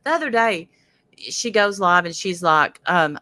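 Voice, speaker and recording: A woman's voice: mid-range voice, animated, moderate pace, pushed and bright, no room sound. A woman hosting a casual livestream, rambling and greeting viewers in chat. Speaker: host.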